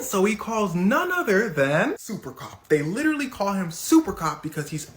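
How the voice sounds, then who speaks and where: A woman telling a comic story in a slangy, animated way. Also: mid-range voice, fairly quick, few pauses, a little hiss or hum. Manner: slangy, animated, jumps into voices.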